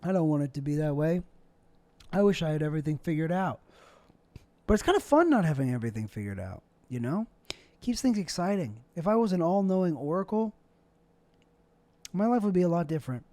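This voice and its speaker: Rambling man with a higher mellow voice. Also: animated, a little fast, pauses often, no echo. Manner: rambling, self-deprecating, jokey asides. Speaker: podcast host. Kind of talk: rambling solo monologue.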